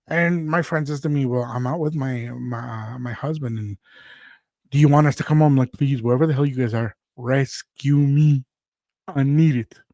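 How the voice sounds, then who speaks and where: Animated storytelling man, dry mic. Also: mid-range voice, fairly quick, no room sound. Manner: animated storyteller acting out quotes. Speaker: radio show host. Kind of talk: casual storytelling chat.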